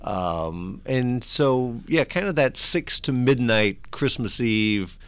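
A man's voice: medium pitch, lively intonation, takes it slowly, clean tone, no room sound. A man co-hosting a local radio talk show, chatting in an easygoing, reflective way. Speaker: radio co-host. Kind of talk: casual radio chat. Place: radio studio.

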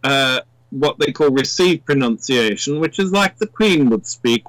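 A man's voice: mid-range voice, slow, fairly bright tone, no echo, rough recording. A man from England with a southern English accent, chatting casually as a radio guest. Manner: chatty, slips into other accents.

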